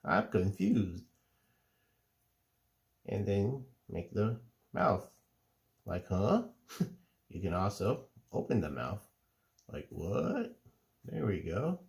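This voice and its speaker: A middle-aged man calmly explaining, step by step, how to draw cartoon faces. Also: fairly low pitch, vocal fry. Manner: relaxed, unhurried step-by-step explaining. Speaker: drawing teacher. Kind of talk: casual drawing tutorial.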